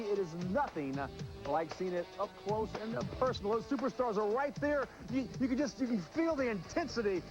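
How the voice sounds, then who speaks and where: A man's voice: extremely high pitch, highs cut off. A man hosting a wrestling show, promoting a live event with emphatic enthusiasm. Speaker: TV show host.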